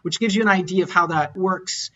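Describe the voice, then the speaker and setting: A man leads an online pronunciation lesson with a sharp, bright voice. He explains a point, then models example phrases slowly and repeats them. The webinar audio is slightly muffled and lo-fi. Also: sits high, slight background noise. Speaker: language teacher.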